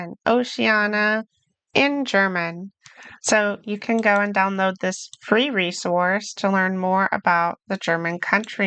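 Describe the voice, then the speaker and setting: A woman teaching a beginner German lesson in English, modelling each word slowly and asking learners to repeat after her. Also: fairly high pitch, a bit bright, clear, resonant tone, dry recording. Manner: slow, deliberate pronunciation drills with repeat-after-me prompts.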